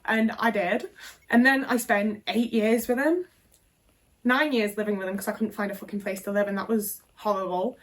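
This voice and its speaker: A woman's voice: medium pitch, steady tone, normal speed. A woman in her twenties, telling a personal story frankly and casually, swearing often and filling with "like". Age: 20s. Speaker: vlogger.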